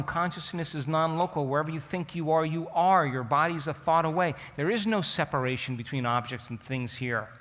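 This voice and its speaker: Man, slightly high bright voice, animated storytelling talk, questions to the audience, long hall reverb. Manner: acts out his own past thoughts in quotes. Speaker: speaker teaching an audience. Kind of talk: storytelling lecture.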